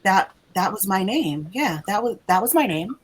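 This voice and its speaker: A mournful ghost of a lonely girl student , played by a woman running the game. She speaks softly and haltingly, pausing often. Her voice sits at an ordinary middle pitch. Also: very animated, breathy edge, poor audio. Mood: wistful. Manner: soft, hesitant and halting.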